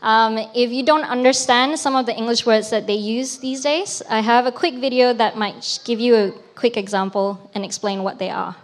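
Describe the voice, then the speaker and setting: Female speaker, slightly higher voice, informal conversational sermon, tosses in rhetorical questions. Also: steady tone, normal speed, few pauses. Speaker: preacher. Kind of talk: sermon talk.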